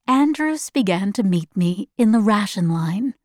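A woman narrating a first-person story in a measured, plain way. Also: mid-range voice, expressive, a little mellow, no echo, studio quality.

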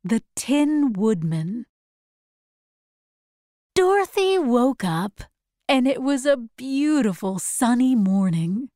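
A woman narrating a storybook in a slow, clear and careful reading for learners. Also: a little high, sing-song, warm tone, dry recording, clean studio sound.

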